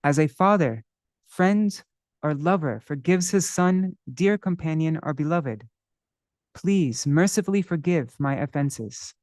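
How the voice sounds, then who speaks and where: A man's voice: fairly high pitch, expressive, a little mellow, no room sound, clean studio sound. A man teaching a devotional song text in a live class, explaining words one by one and stopping to look them up in a dictionary. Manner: chants scripture verses slowly.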